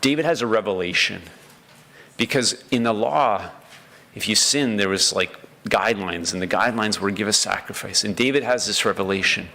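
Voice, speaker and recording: A man's voice: fairly low pitch, a little slow, vocal fry, pushed and bright, a little hiss or hum. A man preaching a sermon as pastor, earnest, acting out the prayers of the story with feeling.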